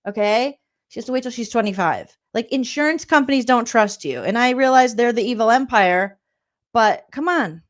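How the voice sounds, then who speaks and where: A woman's voice: on the high side, expressive, moderate pace. A woman in her forties, a comedian, doing a sarcastic, exasperated reaction rant with plenty of swearing. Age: 40s.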